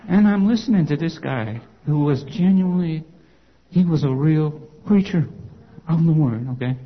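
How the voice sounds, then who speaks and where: A man's voice: a little high, lively intonation, normal speed, highs cut off. A man, a former congregation elder, telling his personal testimony to an audience in a conversational storytelling way, full of "you know" and "okay?" asides.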